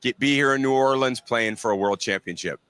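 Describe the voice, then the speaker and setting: A man who works as a sports broadcaster, giving measured interview answers in a played clip. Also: mid-range voice, a bit bright, smooth.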